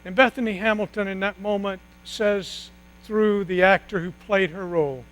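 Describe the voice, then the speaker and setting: A man preaching a sermon, retelling a story dramatically with long pauses and sudden hushed drops. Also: high-pitched, fairly even intonation, poor audio. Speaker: pastor.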